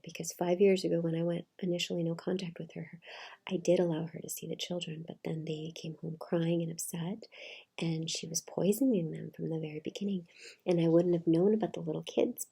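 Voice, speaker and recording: A middle-aged woman retelling a personal story in a soft, half-whispered way, with many fillers. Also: on the low side, gravelly, slightly rough. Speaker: channel host.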